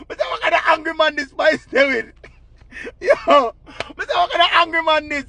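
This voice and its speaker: A young man telling a gossip story in a lively, excitable, dramatic way. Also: extremely high pitch, moderate pace, vocal fry, no echo. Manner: animated, excitable, dramatic retelling with shouts. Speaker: vlogger. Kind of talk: casual storytelling.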